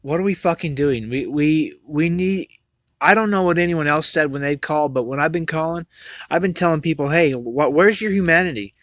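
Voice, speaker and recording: A man's voice: fairly high pitch, fairly quick, no room sound. A man hosting his own livestream, ranting angrily, swearing often and stumbling over repeated words. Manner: profane, heated, repetitive stammering restarts. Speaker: livestream host. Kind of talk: angry livestream rant.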